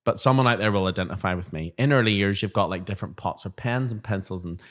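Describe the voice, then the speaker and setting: A man with a Northern Irish accent chats as a podcast co-host. His voice sits fairly low. He tells his stories with animation and slips into quick acted-out voices. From Northern Ireland. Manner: animated storyteller, acts out classroom voices. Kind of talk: casual chat.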